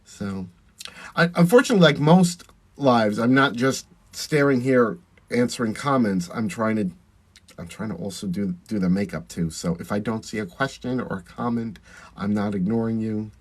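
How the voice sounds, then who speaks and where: A man's voice: fairly low pitch, moderate pace. A man who performs in drag, chatting casually on a phone live stream while doing his makeup, reading out and answering viewer comments. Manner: chatty, reads viewer comments aloud and thanks them.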